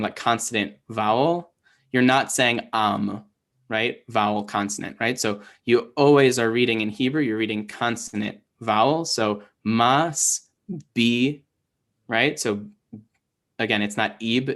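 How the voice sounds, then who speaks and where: A man teaching a Hebrew class on a synagogue livestream. He keeps checking in with "right?" and slows down to sound out each word. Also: mid-range voice, a bit bright. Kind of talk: explaining Hebrew reading in a class.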